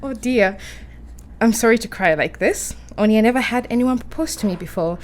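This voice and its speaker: A woman playing a young English lady in a radio play, girlish and breathless, her voice sitting a touch high. She sounds easily flustered and quick to feel. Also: natural voice. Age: young adult.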